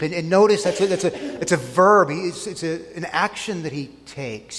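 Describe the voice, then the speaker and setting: A man preaching a sermon, earnest and emphatic, slowing down to stress key phrases. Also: high-pitched, fairly bright tone, in a large hall. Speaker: pastor.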